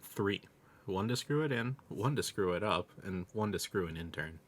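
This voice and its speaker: A man narrating a run of jokes with a dry, even delivery of setups and punchlines. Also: low-pitched, moderate pace. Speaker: joke narrator. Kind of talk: scripted joke telling.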